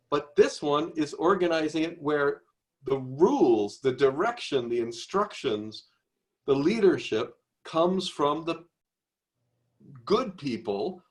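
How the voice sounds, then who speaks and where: Brief: male tutor running a class discussion, slightly high voice, pushes students to commit to their answers. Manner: probing, coaxing students to restate and commit. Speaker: seminar tutor.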